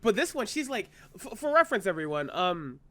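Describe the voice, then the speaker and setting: A man's voice: high voice, big pitch swings, brisk, fairly bright tone. A young man co-hosting a podcast, chatting casually, swearing and acting out quotes in silly voices. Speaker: podcast co-host. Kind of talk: casual chat.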